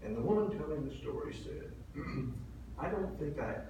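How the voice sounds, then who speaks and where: A man's voice: on the high side, lively intonation, unhurried, far from the mic. Older man preaching in an echoey hall. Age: 70s. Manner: earnest storytelling, swelling and dropping in volume. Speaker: pastor. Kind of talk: sermon. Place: church sanctuary. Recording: very echoey hall from afar, faint hiss.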